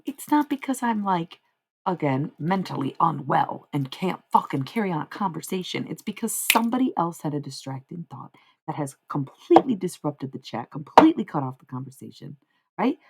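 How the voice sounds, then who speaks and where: On a low-quality recording, a young woman chats with her livestream audience in a low, gravelly, slightly rough voice at normal speed, her pitch swinging widely. She rambles casually, wandering from one point to the next and getting sidetracked while talking to chat.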